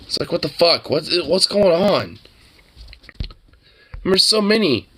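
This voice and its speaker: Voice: mid-range voice, very animated, slow, long pauses, bright, forceful tone, husky. A streamer in a casual reaction stream, laughing often, swearing freely and echoing the clip's words back.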